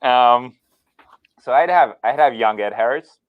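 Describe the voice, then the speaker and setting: A man co-hosting a podcast, telling rambling stories with deadpan jokes in casual chat. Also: mid-range voice, normal speed, narrow, tinny audio. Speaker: podcast co-host.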